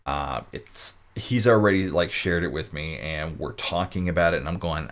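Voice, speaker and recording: A man's voice: extremely low pitch, normal speed, few pauses. A man hosting his own live-stream talk show, chatting casually with viewers, full of restarts and jokey asides.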